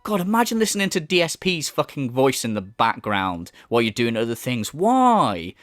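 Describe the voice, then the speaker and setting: A man's voice: medium pitch, big pitch swings, moderate pace, fairly bright tone, dry recording, clean studio sound. A man hosting a reaction commentary, mocking and exasperated, swearing often as he rants. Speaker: commentary host.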